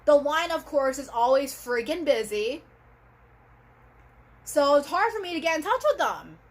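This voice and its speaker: A woman's voice: sits high, very animated, measured pace. A woman vlogger talking straight to her camera in a casual, rambling monologue, full of fillers like "you know" and "like.".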